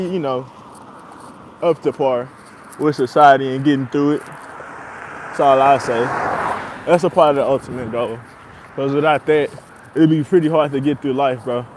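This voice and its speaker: Young male podcaster, fairly high voice, loose slangy delivery, laughs a lot, faint street noise behind. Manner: laid-back, laughs often, slangy and profane. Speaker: podcast host. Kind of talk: casual monologue.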